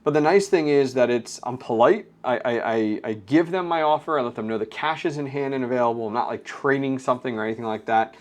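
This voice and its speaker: Man, mid-pitched voice, casual home vlog, chatty, lots of ums and uhs. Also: fast talker, hardly any pauses. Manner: chatty, filler-heavy, explains hardware step by step. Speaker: crypto mining channel host.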